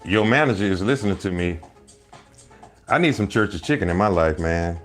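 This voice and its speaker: A man hosting a casual live stream, rambling loudly through jokes and teasing his viewers, often breaking into laughter. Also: sits low, lively intonation, normal speed, faint music behind. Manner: loud joking rambles, bursts of laughter, mock voices.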